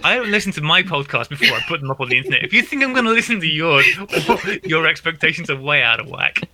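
British guy on a podcast, really bright voice, swoops up and down, laughs at himself a lot. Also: on the high side, sing-song, fast talker. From Britain. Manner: self-deprecating, laughs often. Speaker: podcast guest. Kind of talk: casual podcast chat. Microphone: home podcast mic, no video.

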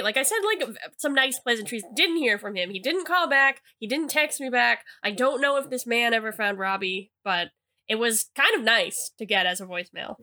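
A woman in her thirties co-hosting a podcast, telling stories in casual chat with giggly, animated delivery. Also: fairly high pitch, normal speed. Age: 30s. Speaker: podcast co-host.

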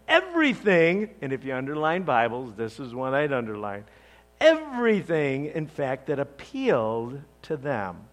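A male pastor preaching a sermon in an expressive, dramatic, emphatic way. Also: medium pitch, a little slow.

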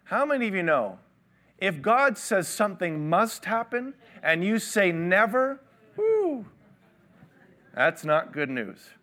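A man preaching a sermon in an animated way, swinging between loud and soft and using Hebrew terms. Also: high voice, takes it slowly.

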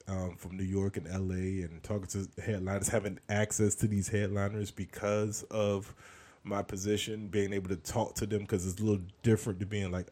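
A comedian hosting his podcast speaks in a low voice with a darkish tone. His casual monologue wanders through a humorous catch-up as he acts out others' voices.

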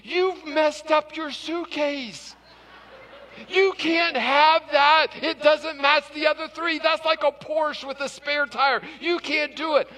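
A man voicing an excitable, fussy male store clerk who gushes over luggage. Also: very high-pitched, slow pace, pitched above the performer's own voice, exaggerated voice. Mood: scolding. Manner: gushing, overexcited.

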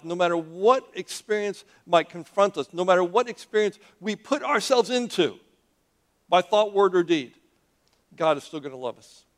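A male pastor preaching a sermon, emphatic and repetitive, calling on the congregation to respond. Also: high voice. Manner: emphatic, calls for congregation response, repeats words. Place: church sanctuary.

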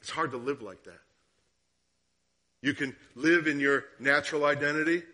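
Man preaching, bright clear voice, storytelling, rhetorical questions, hushed then rising. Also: a little high, normal speed. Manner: drops to hushed tones for story, rises for questions. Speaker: guest preacher. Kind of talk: sermon.

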